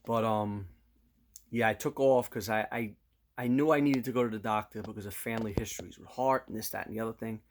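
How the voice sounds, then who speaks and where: A man, chatting casually to camera as a vlogger and telling stories in an animated way. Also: on the low side, fairly quick. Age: 50s. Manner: animated storyteller, slips into loud quoted voices.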